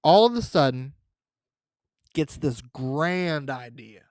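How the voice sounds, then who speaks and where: A man hosting his own podcast, telling a comic high school story in a rambling, profane way with many fillers and restarts. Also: lively intonation, slow, long pauses, a little mellow, no echo, studio quality. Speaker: podcast host.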